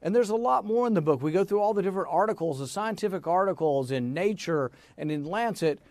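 Interview guest: man, fairly high pitch, animated and emphatic, dry close-miked sound. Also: fast, dry recording. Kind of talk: interview answer.

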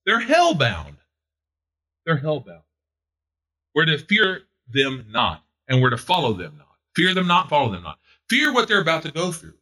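Male preacher, fervent sermon delivery, lively swooping pitch, repeats lines for emphasis. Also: a little fast. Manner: fervent, building to loud exhortation.

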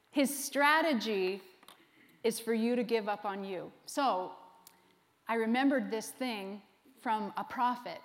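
A woman pastor with a high voice delivers an animated sermon and laughs often as she preaches. Her voice carries a long hall reverb. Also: slow, pauses often.

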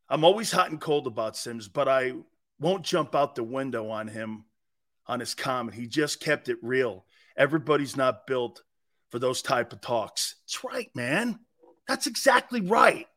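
Animated, blunt sports talk host. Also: male voice, a little high. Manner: blunt, combative, animated with sudden shouts. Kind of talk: live sports talk rant.

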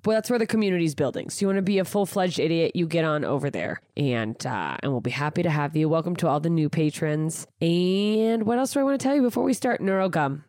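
A woman's voice: low voice, expressive, fast, few pauses, a little mellow, no room sound, studio quality. A woman hosting her own podcast, chatting casually and rambling through plugs and tour dates, self-deprecating and swearing freely. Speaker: podcast host and stand-up comedian. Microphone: studio microphone.

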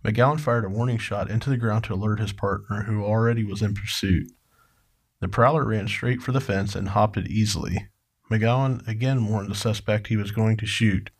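A man's voice: lowish voice, steady tone, normal speed, vocal fry, breathy edge. A man co-hosting a true crime podcast, reading parts of a case and asking his co-host questions about it. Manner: questioning, conversational. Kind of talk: true crime narration and discussion.

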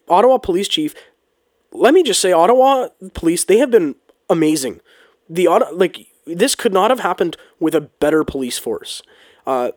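A man's voice: on the high side, darkish tone, no room sound, studio quality. Heated man ranting. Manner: heated, ranting, swears, frequent restarts and ums. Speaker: political commentator. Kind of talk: casual opinion monologue.

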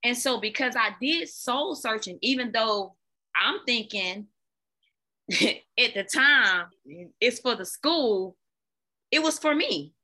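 A woman guest, a fitness coach, telling her own story candidly, animated and often repeating words. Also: on the high side, a little slow. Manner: animated, repeats words, talks to listeners as "y'all".

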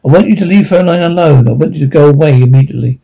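A man's voice: fairly high pitch, rapid-fire, gravelly, mellow, slightly rough, poor audio. A man voicing a young male stag who speaks with tense, held-back anger. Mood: angry. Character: young male stag, fierce but restrained. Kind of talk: audiobook character reading.

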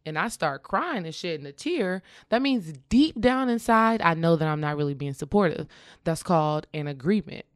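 A woman's voice: on the low side, moderate pace, dry recording, clean studio sound. A woman in casual conversation, earnestly sharing her own experience and coaching the listener, often checking in with "okay?". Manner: acts out quoted dialogue in lively voices.

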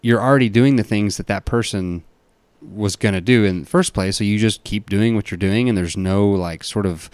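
A man's voice: fairly low pitch, moderate pace, a little mellow, clear, resonant tone, dry recording. A young man co-hosting a podcast, teasing his friend and explaining his views with lots of fillers. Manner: joking banter, then earnest musing with many fillers. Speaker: podcast co-host. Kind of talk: casual chat.

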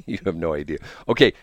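A man hosting a radio morning show, telling a rambling story on air and acting out the people in it. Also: low voice. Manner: animated, acts out quoted people. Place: radio studio.

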